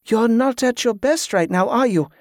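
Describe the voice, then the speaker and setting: A man voicing a brisk young woman healer in an audiobook, chiding and caring. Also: very high-pitched, a little mellow, no echo, clean studio sound, voice pushed up.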